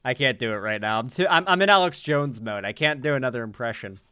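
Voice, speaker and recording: A man's voice: mid-range voice, animated, quick pace, bright, forceful tone, smooth, no room sound, clean studio sound. A man hosting casual political commentary, sarcastic and mocking as he reads out replies and laughs.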